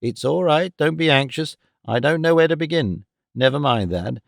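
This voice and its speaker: Man voicing an eager fussy old clerk, excited and reassuring, dry recording. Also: a little high, moderate pace, vocal fry, no room sound. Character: eccentric older male clerk, eager helper.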